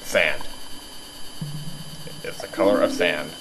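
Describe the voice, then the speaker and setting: A young man co-hosting a video game let's play, giving dry, low-key replies in casual commentary. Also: takes it slowly, poor audio. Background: game music.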